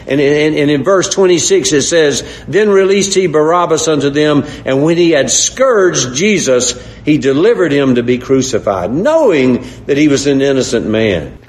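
A man's voice: fairly high pitch, echoey room. A man preaching a sermon, earnest and repetitive, often calling his listeners brethren. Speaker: pastor.

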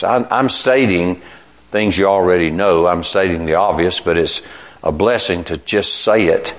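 An older man preaching an informal sermon, slow and reflective, often restarting his phrases. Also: lowish voice.

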